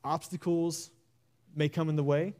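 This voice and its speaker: A young man delivers a sermon with earnest, exhorting energy, leaning on slow, emphatic repeats. His voice sits a little high for a man, yet its tone is dark and mellow. He talks plainly, with the odd filler, in the way of a preacher speaking to his congregation. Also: flat delivery.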